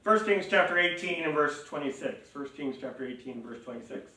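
A man preaching a sermon as pastor, animated and laughing, acting out mocking voices as he reads. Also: a little high, fairly quick. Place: church sanctuary. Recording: echoey church hall, mic at a distance.

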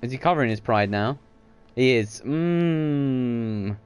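Jokey gaming host. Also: male voice, mid-range voice, fairly quick. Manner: jokey, silly asides. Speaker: let's play host. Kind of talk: gaming commentary.

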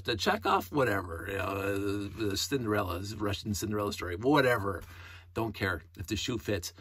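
A man's voice: lowish voice, bright, forceful tone, slightly rough, no echo. A middle-aged man talking in a casual, rambling monologue, going off on tangents and humming to himself. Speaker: hobbyist vlogger.

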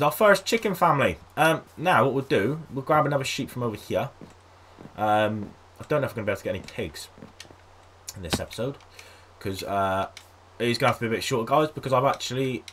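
A man giving casual let's-play commentary on a game, chatting to his viewers and coaxing animals along in a high sing-song voice. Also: fairly bright tone, slight background noise. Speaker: gaming video host.

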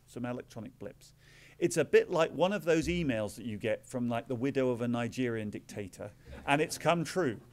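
A man's voice: medium pitch, darkish tone. A middle-aged Englishman giving a public talk as a visiting author, explaining with dry, self-deprecating asides. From England. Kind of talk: public lecture.

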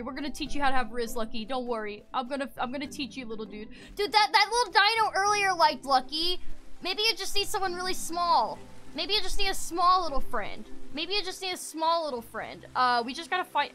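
A woman streaming a game, chatting casually with her viewers and swinging between loud squeals and low mutters. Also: lively intonation, brisk, soft background music. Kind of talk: casual gameplay commentary.

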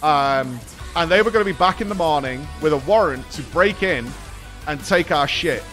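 A British man in his thirties hosting a podcast, telling a story in a casual, animated way and swearing freely. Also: on the high side, normal speed, faint music behind. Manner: animated, swears, laughs while telling stories. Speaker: podcast host.

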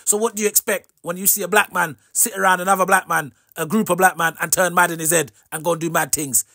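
A man's voice: high voice, fairly even intonation, quick pace, gravelly, sharp tone, dry recording, clean studio sound. A man hosting his own vlog, talking straight to camera in casual street slang and ending lines with "innit". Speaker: vlog host. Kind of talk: direct-to-camera commentary.

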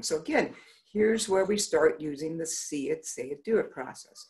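A middle-aged female optometrist gives a conference talk in a low-sitting voice at a moderate pace. She's animated, telling patient stories and acting out their dialogue.

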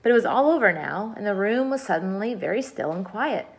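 A woman reading a children's book aloud in an expressive, lively storytelling manner. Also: medium pitch, fairly quick, husky, rough recording.

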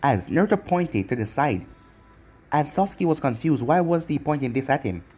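Brief: storyteller with a husky voice and animated pitch, reading fan fiction. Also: normal speed, soft background music. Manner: plain storytelling with lively pitch. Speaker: narrator.

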